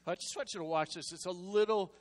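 An older man preaching a sermon, telling stories in a hushed voice and then rising into loud exhortation. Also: high voice, fast. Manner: animated storytelling, swinging from hushed asides to loud exhortation. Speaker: pastor. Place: church sanctuary. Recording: long reverb of a large hall.

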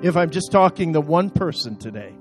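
A man's voice: on the high side, expressive, fairly quick, over music. A middle-aged male pastor preaching a sermon in a church, impassioned and building into call-and-response. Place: church auditorium.

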